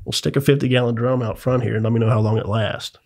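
A man's voice: mid-range voice, steady tone, quick pace. Plain-spoken Southern man, easy drawl. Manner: plain-spoken, practical, repeats "you know what I mean". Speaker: podcast guest, company founder. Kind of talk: casual chat.

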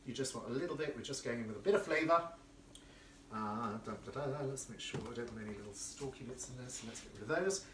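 In his home kitchen, a man runs a casual live cooking demo, talking fast in a mid-range voice and reading out viewer comments as he works. He's chatty and effusive, but he's far from the mic in an echoey room, with background noise and clinking cutlery and dishes.

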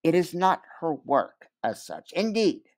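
A man reading aloud, voicing a sly male mill overseer who speaks slowly with false solemn regret. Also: a little high, sing-song, dry recording, voice pushed up. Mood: oily regret. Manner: slow, solemn, oily.

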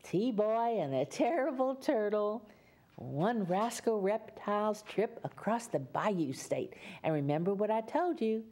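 A woman's voice: mid-range voice, animated, unhurried, warm tone. A woman from Louisiana with a Louisiana accent, reading a story aloud to young children in a sing-song, coaxing way.

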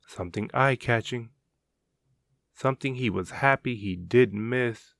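Male narrator, slow, gravelly fry, dry close sound. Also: mid-range voice, a bit bright, no echo. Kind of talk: audiobook story narration.

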